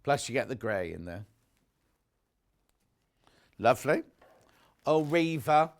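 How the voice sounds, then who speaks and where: A man's voice: mid-range voice, sing-song, slow pace. A man presenting fabrics on a live shopping channel, chatty and gushing, stopping often to correct himself. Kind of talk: live TV sales pitch.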